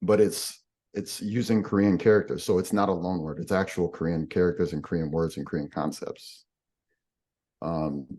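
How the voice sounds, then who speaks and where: Deep-voiced man patiently explaining. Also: a little mellow. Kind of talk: explanatory podcast conversation.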